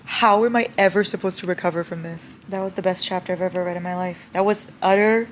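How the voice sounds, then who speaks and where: A young woman vlogging at home about her reading, gushing, excitable and swearing a lot. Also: lowish voice, quick pace, few pauses, a little hiss or hum. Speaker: book vlogger. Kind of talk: casual reading vlog.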